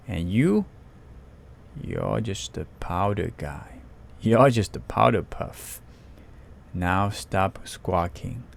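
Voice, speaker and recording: A man voicing Gruff, a small jeering billy goat. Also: fairly low pitch, exaggerated voice. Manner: taunting, boastful.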